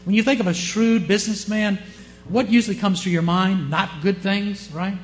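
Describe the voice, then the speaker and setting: A man with a Southern US accent preaching a sermon, often asking his listeners questions and shifting his pace and loudness. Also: high-pitched, steady tone, moderate pace. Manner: asks the congregation questions, varies pace and loudness. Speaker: pastor.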